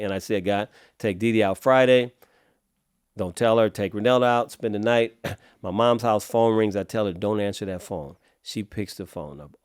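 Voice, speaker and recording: Throat-clearing streetwise storyteller man. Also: fairly low pitch, no room sound, studio quality. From Los Angeles, USA. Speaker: podcast guest. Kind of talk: storytelling in a casual interview.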